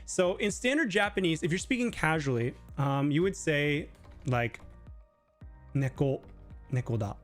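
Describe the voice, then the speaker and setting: Guy hosting a live q&a stream, kinda high voice, says "like" a lot, soft music in the background. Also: sing-song, moderate pace. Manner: chatty, heavy use of filler words. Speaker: live stream host teaching Japanese. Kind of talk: casual live Q&A explanation. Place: living in Japan.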